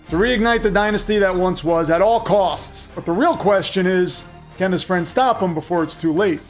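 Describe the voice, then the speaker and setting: A man who hosts a show, narrating a scripted comedic story with dramatic, playful delivery. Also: high-pitched. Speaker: storyteller host.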